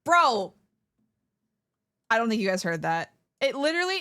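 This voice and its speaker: A woman's voice: on the high side, sing-song, moderate pace, bright, forceful tone. A young adult woman streamer chatting casually, giggling and swearing playfully. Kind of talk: casual livestream chat.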